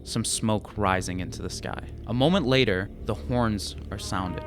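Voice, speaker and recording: A man's voice: fairly low pitch, moderate pace, soft background music. A man narrating as game master, describing scenes in detail and sometimes repeating words as he thinks.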